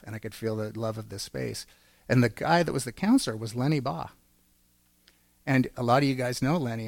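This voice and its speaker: A man's voice: mid-range voice, no room sound. A man giving an earnest personal testimony in a church, telling his story and acting out quotes. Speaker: church speaker.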